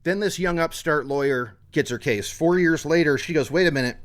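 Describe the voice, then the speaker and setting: A man's voice: fairly high pitch, moderate pace. A man co-hosting a casual true crime podcast, recapping the case with energy and acting out people's lines. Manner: animated, acts out quotes from the case. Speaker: podcast co-host.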